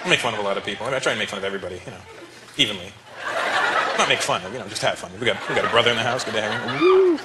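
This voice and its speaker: A man's voice: lowish voice, sing-song, very fast, very noisy. A male stand-up comedian speaking to a live audience in a teasing, conversational way. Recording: live show with loud crowd laughter.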